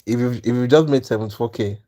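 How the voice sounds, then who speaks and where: A man hosting a live trading stream, talking through his trades and mentoring viewers with lively, repetitive asides like "you understand?". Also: medium pitch, quick pace. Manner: animated, repeats "you understand?" often, stammers on restarts.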